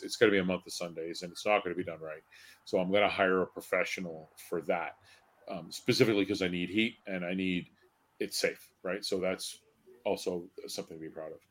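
Low-voiced man chatting with many fillers. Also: fairly bright tone. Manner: rambling, repeats words, many fillers. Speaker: podcast co-host. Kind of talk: casual chat.

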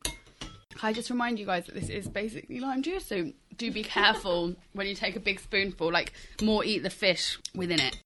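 A talkative woman sharing a home-cooked dish with friends, speaking in an easy, conversational flow. Her voice sits at a middle pitch and she laughs readily between thoughts, with a faint hiss under the recording. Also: pushed and bright. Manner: chatty, quick to laugh. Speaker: guest cook. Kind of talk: casual chat over a meal. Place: home flat.

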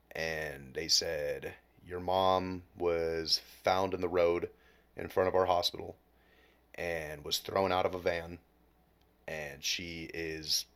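Late-20s man, very deep voice, podcast guest; candid, profane, emotional storytelling that dips to near whispers. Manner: emotional, heavy swearing, drops to near whisper at low points.

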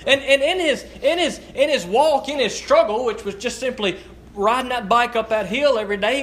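A man preaching a sermon as a pastor, earnest and halting, often restarting his sentences. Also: extremely high pitch, fairly bright tone. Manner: slow, deliberate scripture reading. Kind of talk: sermon with prayer and scripture reading.

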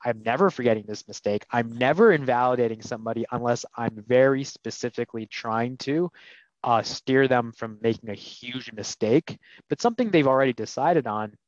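A man co-hosts a casual podcast, explaining things candidly and retelling conversations. His voice is mid-pitched. The recording is dry and a bit muffled. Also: normal speed, no echo. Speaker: podcast co-host. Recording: dull, dry sound.

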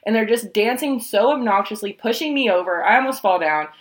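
A young adult woman co-hosting a podcast, telling a story in a lively, profane way with many "like" fillers. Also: a little high, fairly quick. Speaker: podcast co-host. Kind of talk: casual storytelling chat.

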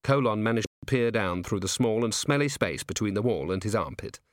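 A man's voice: lowish voice, no room sound. Man narrating an audiobook in a dry voice. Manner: measured, even storytelling. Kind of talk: scripted narration. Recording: dry close studio read.

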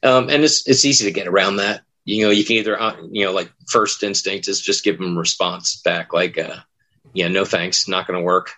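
Casting: low-pitched man, rambling storyteller, haunt worker on a chat show. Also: steady tone, a little fast, pushed and bright. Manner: rambling storyteller, acts out quoted lines. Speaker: haunted attraction actor. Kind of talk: casual podcast chat.

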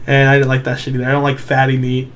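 A man's voice: medium pitch, monotone, racing, a little hiss or hum. A young man hosting a podcast, chatting casually, laughing often and swearing freely. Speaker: podcast host. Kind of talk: casual chat.

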